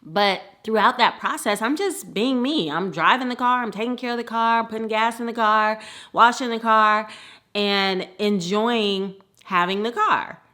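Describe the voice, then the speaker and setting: Woman from the Midwest, storyteller, bright and lively, laughs often. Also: fairly high pitch, a little slow. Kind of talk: personal storytelling.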